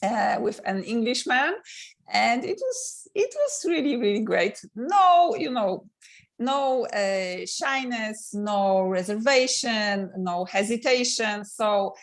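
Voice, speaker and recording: Slow-talking woman, halting speech. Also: a little high, expressive. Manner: hesitant, halting, laughs often. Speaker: interview guest. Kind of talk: casual video-call interview.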